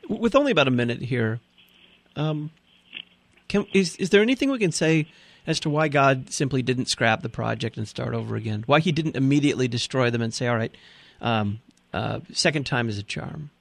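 A man hosting a radio program who asks his guest a quick, informal question and hesitates between phrases. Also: mid-range voice, lively intonation, vocal fry, dry recording. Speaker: radio show host. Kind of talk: asking a guest a question on air.

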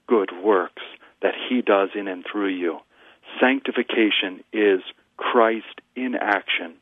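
A male pastor, a guest on a talk radio show, teaching from scripture in an earnest, measured way. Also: lowish voice, no room sound. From United States. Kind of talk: radio sermon-style teaching. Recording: dry tinny phone line.

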